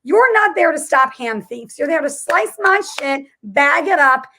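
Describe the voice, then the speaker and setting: A woman's voice: sits high, animated, a little slow, sharp tone. A woman co-hosting a comedy podcast, telling stories in an emphatic, indignant way. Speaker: podcast co-host. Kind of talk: comedic casual chat.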